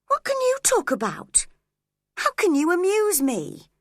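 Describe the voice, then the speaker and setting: Woman voicing a shrill, hot-tempered young woman. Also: big pitch swings, slow, no room sound, clean studio sound, full character voice. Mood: cross. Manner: shrill and cross, rising to shouts. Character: passionate spoiled young woman, quick-tempered.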